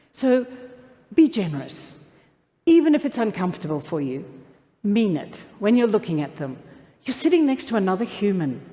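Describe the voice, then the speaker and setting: A woman's voice: fairly high pitch, slight background noise. A middle-aged woman giving a motivational keynote, playful and talking straight to her audience from the stage. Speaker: keynote speaker. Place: large event hall. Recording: reverberant hall.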